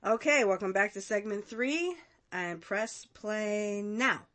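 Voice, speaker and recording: A woman's voice: mid-range voice, slow, fairly bright tone. A woman hosting a casual watch-along podcast, chatty and rambling, often breaking into laughs. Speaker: podcast host.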